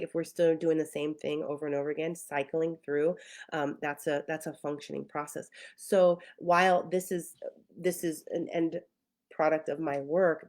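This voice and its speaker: A woman therapist with a somewhat low voice talks through her ideas, often pausing on fillers and starting sentences over. Now and then she acts out how she used to feel. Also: a little mellow. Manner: thoughtful, many fillers and restarts; acts out her own past feelings in quotes. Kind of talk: casual talk to camera.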